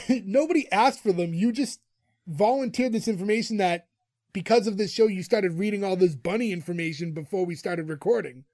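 A man's voice: high voice, moderate pace, a little mellow, no room sound, studio quality. A man co-hosting a podcast, casually retelling a TV episode and laughing often. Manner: chatty, laughs often while retelling scenes. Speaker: podcast co-host recapping a TV episode. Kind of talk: casual chat.

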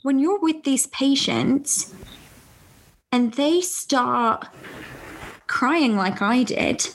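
A young woman with a fairly high voice hosts a casual podcast conversation. She tells her story in an animated way and laughs often as she talks. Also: drawn-out words, slight background noise. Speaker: podcast host. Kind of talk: casual interview chat.

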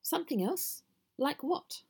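A woman's voice: sits high, animated, unhurried, vocal fry, voice pushed up, exaggerated voice. A woman voicing a kind, polite mother goat. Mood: reasoning. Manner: polite and reasonable.

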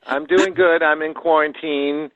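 A man's voice: on the high side, steady tone, measured pace, a crowd in the background. Hesitant man on a tinny line. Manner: rambling, hesitant, joking. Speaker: podcast guest, writer. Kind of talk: casual chat. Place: at home in Maine. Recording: dry tinny phone-like line.

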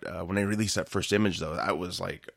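A young adult man co-hosting a casual podcast chat, laughing often and turning animated when he jokes. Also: low-pitched, quick pace, vocal fry, no echo, clean studio sound. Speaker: podcast co-host.

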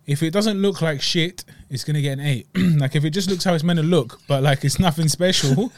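A young man, chatting casually on a podcast, animated and slangy, laughing as he talks. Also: fairly high pitch, a little fast. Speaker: podcast co-host. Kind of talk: casual chat reviewing desserts.

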